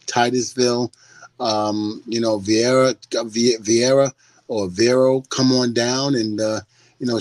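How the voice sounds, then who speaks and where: An older man from the United States, a podcast guest telling stories in a loose, animated way, laughing often and swearing freely. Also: mid-range voice, dry recording. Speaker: guest, former wrestler. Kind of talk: casual podcast chat.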